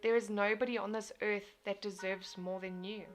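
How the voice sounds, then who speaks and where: Young woman giving a pep talk on a stream, earnest, keeps restarting phrases, soft music under. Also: medium pitch, fairly even intonation, moderate pace. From South Africa. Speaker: host reading viewer comments. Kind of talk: casual motivational live stream.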